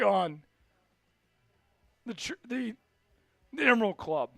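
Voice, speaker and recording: A man hosting a live sports stream, calling plays and shouting when his team scores. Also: high voice, measured pace, creaky, long pauses, no echo, studio quality. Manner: excitable, shouts big plays. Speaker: livestream sports host. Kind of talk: live play-by-play watch-along.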